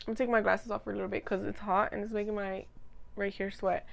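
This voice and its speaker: A woman's voice: medium pitch, little pitch movement, quick pace, vocal fry. A young woman chatting casually into a desk mic at home, giggly and gushing as she rambles. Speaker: vlogger. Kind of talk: casual chat.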